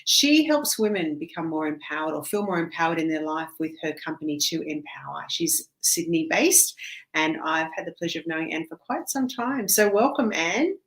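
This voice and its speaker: A woman's voice: deep voice, lively intonation, normal speed, poor audio. A woman hosting a podcast, introducing a guest and asking questions in a chatty, casual way. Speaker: podcast host. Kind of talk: casual interview.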